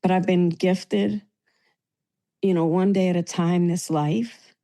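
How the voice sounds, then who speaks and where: Heartfelt New woman, mellow voice. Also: fairly low pitch, fairly even intonation, slow. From New York. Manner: heartfelt, tearful at times, grateful. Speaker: meeting participant. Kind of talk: emotional sharing in a recovery meeting.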